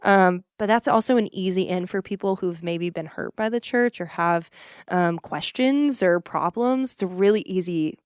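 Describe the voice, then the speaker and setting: Young woman guest, earnest and lively, smooth low-ish voice, dry close sound. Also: moderate pace, no room sound. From Texas. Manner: earnest and animated, many ums. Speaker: ministry executive director, guest. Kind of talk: casual podcast interview.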